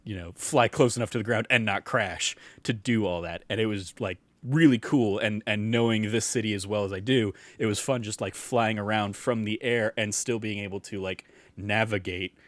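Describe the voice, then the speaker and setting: Young male podcast co-host, lowish voice, loose, filler-heavy delivery, dry recording. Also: steady tone, moderate pace, few pauses, dry recording. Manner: rambling, many fillers and restarts. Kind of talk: casual chat.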